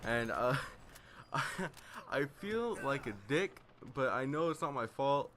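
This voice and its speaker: A man's voice: mid-range voice, lively intonation, slow pace, fairly bright tone, slight background noise. A teenage boy telling a rambling story in casual chat over gameplay, full of fillers and self-deprecation. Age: teens. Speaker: gaming vlogger.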